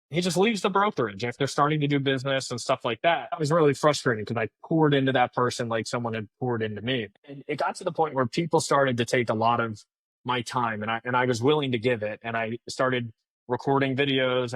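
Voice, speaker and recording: In a casual storytelling interview, a podcast guest in his thirties chats his way through stories, using plenty of fillers. His voice is mid-range and the recording is dry.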